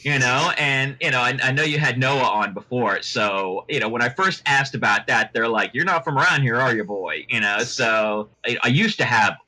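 Chatty, bright-voiced middle-aged man. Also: medium pitch, steady tone, normal speed, few pauses, poor audio. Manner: chatty, rambling with many restarts. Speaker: guest lawyer. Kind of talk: casual podcast interview.

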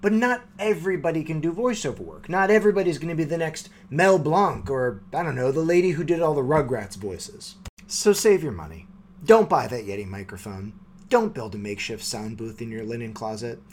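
A man's voice: mid-range voice, lively intonation, fairly quick, a little mellow, a little hiss or hum. A man delivering a short comedy segment as a dry, confident, lecturing monologue. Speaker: segment host. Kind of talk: mock-serious comedy monologue.

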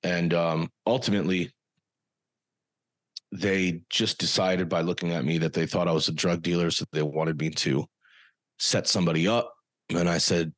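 A man with a very low voice tells a personal story as a podcast guest. His telling is earnest and halting, with many pauses. The sound is dry and close. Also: steady tone, no room sound.

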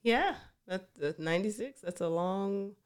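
A woman's voice: mid-range voice, lively intonation, measured pace, smooth. A woman co-hosting a relationship podcast, welcoming listeners and steering the conversation with questions. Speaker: podcast co-host.

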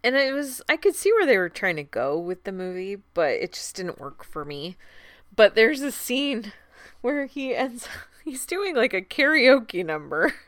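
A woman in casual conversation tells a story with lots of laughter and quoted voices. Her voice is fairly high and swings widely in pitch, with a bright, crisp edge. The sound is dry and close. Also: no room sound. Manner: laughs often, animated storytelling with acted quotes. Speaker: film festival guest. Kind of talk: casual chat.

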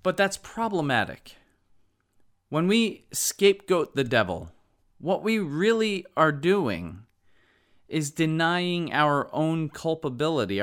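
A man preaching a sermon, earnest and emphatic, with halting asides. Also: fairly high pitch, fairly bright tone.

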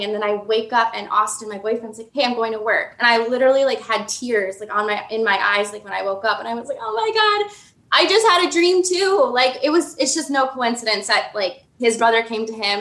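A woman's voice: medium pitch, pushed and bright, echoey room. A young woman in her twenties telling a personal dream story casually, full of "like" and restarts. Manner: rambling, emotional, filler-heavy.

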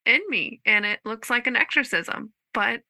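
A woman's voice: a little high, moderate pace, gravelly, pushed and bright, no echo. A woman hosting a podcast, chatting casually and gushing with enthusiasm. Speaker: podcast host.

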